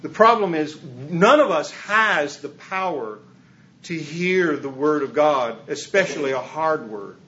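Guy preaching, chatty and jokey, a bit high voice, sounds kinda muffled. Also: animated, unhurried, sharp tone. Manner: conversational and humorous, with chuckles and acted asides. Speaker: pastor. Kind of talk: sermon.

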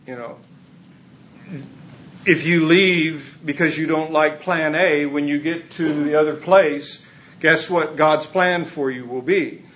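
A man's voice: fairly high pitch, takes it slowly, a bit bright, muffled recording. A man preaching a sermon in a conversational, humorous way, chuckling as he goes. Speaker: pastor.

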